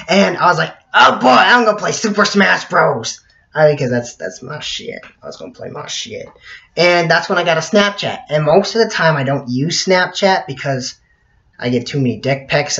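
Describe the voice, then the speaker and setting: A teenage boy telling a personal story to camera in a rambling way, with many fillers, often clearing his throat. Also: a little high, fairly bright tone. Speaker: vlogger. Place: bedroom at night. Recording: dull lo-fi audio.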